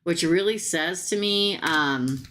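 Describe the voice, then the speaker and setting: A woman's voice: on the low side, slow, fairly bright tone, a little hiss or hum. A woman reading tarot cards on a live stream, chatting straight to her viewers in a casual, blunt way with slangy asides. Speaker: tarot reader.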